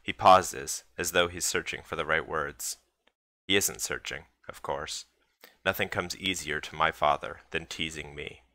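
A man's voice: rumbling low, unhurried, sharp tone, no echo. A man reading a chapter of his own novel aloud, in a dry, understated manner. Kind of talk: book reading.

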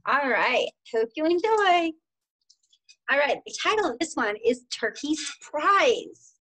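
A woman preschool teacher reading a picture book aloud to young children at home, animated and sing-song, often stopping to ask them questions. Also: high voice, measured pace.

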